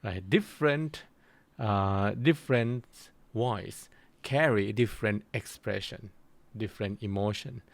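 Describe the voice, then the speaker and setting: A man giving a recorded university lecture, explaining slowly and pausing often to search for his words. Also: lowish voice, vocal fry, no room sound. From Thailand. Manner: slow, halting explanation with frequent pauses to search for words.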